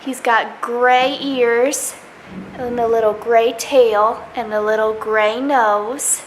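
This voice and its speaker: A woman's voice: a little high, fairly even intonation, takes it slowly. Young woman vlogger, chatty and doting; roomy, slightly noisy home recording. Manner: chatty, gushing baby talk to her pet. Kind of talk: casual pet tag vlog. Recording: echoey room, faint noise.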